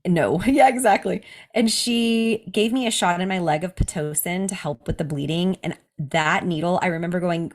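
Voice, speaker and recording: Speaking at a normal speed with hardly any pauses, this woman in her thirties has a lowish voice. As a podcast host she candidly recounts something personal in casual chat, laughs a lot, and livens up her voice when quoting others.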